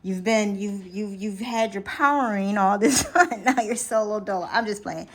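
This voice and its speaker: A woman running a casual spiritual reading vlog. She is chatty and affirming, thinks aloud with repeated phrases and restarts, and slows into soft affirmations. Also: mid-range voice. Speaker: astrology and tarot reader.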